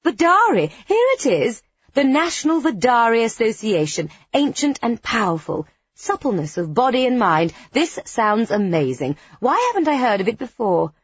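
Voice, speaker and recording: A woman voicing an eager, pushy woman boss who gushes with excitement in a high, breathy voice. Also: moderate pace, no room sound, highs cut off. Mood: gushing.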